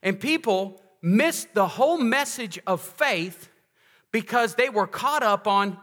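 A man's voice: high-pitched, lively intonation, takes it slowly, a bit bright. A man preaching a sermon to his congregation, talking emphatically and conversationally and asking them questions. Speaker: pastor. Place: large church sanctuary. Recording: echoey church hall.

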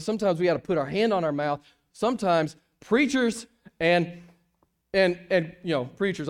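High-voiced man preaching a sermon. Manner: swings from hushed to loud emphatic, many restarts. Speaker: pastor.

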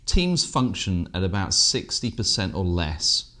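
A very deep-voiced British man co-hosting a casual business podcast. He talks with dry, self-deprecating humour, easing between banter and explanation. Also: sing-song, a little slow, bright, forceful tone. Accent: British English. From England. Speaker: podcast co-host.

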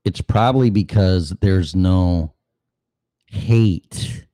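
A man's voice: low voice, drawn-out words, warm tone, no echo, studio quality. A man hosting a show, ranting sarcastically and cursing, now and then acting out other voices. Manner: acts out voices mid-rant. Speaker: show host. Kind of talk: opinion monologue.

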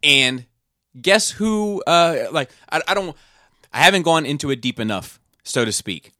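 A man's voice: on the high side, lively intonation, unhurried, pushed and bright, no echo, clean studio sound. A man hosting a podcast in casual chat, rambling and profane as he retells scenes. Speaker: podcast host.

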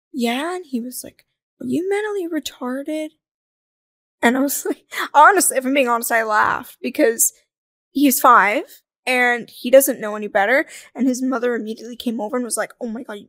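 A young adult woman speaking as a podcast guest, telling stories in a candid, jokey, animated way. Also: a little high, no room sound, studio quality. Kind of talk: casual interview chat.

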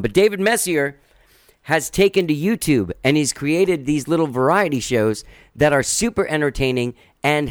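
A man's voice: mid-range voice, clean tone, dry recording, clean studio sound. Chatty rambling male podcast host. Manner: rambling, chatty, with laid-back drawl and restarts. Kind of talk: casual monologue introducing a guest.

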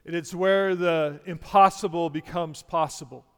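A middle-aged man preaching a sermon as pastor, prayerful and conversational, often restarting words and dropping quiet. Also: a little high, steady tone, unhurried, smooth, big-room sound. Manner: prayerful, softening to near-quiet, with many restarts.

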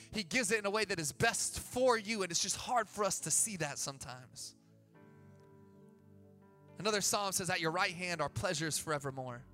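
A high, bright-toned man in his thirties delivers a sermon as pastor. He preaches with energy and swings up to loud, emphatic peaks. Soft music plays beneath his voice.

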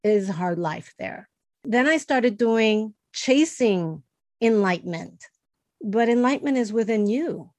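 A woman's voice: a little high, lively intonation, unhurried, a little mellow, no echo. A woman hosting a podcast, talking in an eager, chatty way. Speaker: podcast host. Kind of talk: casual conversation.

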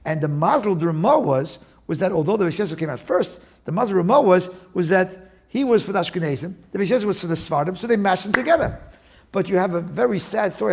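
A man interviewed as a guest, explaining his work in an animated, digressive way with many restarts. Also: sits high, slightly rough. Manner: animated, digressive, with frequent restarts and Talmudic terms. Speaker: guest, attorney and index author. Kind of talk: casual interview talk.

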